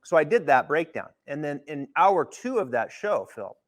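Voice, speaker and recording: A man hosting a golf interview, telling a story in an animated, excitable way, full of "I mean" and "you know". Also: a little high, normal speed. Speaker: golf instructor and show host.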